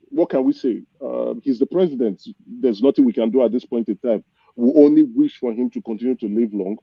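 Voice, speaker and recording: A man's voice: mid-range voice, no echo, muffled recording. A man from southeast Nigeria, a panel guest giving impassioned political commentary, passionate and hesitant with many restarts.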